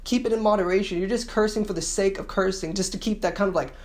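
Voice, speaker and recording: A man's voice: high-pitched, quick pace, darkish tone. A man ranting in a casual monologue, annoyed and sarcastic, sometimes mocking others in put-on voices. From San Francisco Bay Area. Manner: mimics women in mocking voices. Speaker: vlogger.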